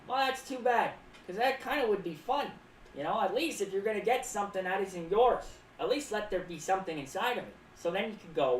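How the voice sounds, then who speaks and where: Playful clown streamer woman, lively pitch. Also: fairly quick, recorded from a distance. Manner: speaks of herself in the third person, reads chat aloud; rambling, playful asides. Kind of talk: casual livestream chat. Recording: roomy, off-mic with faint background noise.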